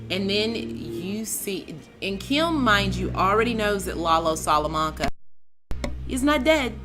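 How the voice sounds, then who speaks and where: Low-voiced woman gushing over a TV episode. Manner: excitable, talks to co-host and viewers, heavy use of "like", "man", "dude". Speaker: TV show reviewer, channel host. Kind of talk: casual TV episode recap.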